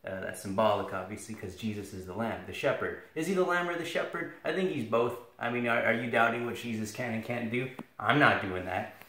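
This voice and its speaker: A man's voice: medium pitch, brisk, few pauses, fairly bright tone. Sarcastic man teaching Latin in an echoey room. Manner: sarcastic, rambling, self-deprecating. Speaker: video tutor for Latin students. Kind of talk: casual joking lesson.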